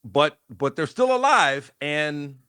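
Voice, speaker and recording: A man's voice: fairly high pitch, very animated, takes it slowly, sharp tone, clean tone. A man co-hosting a sports talk show, debating football casually and thinking aloud with frequent restarts.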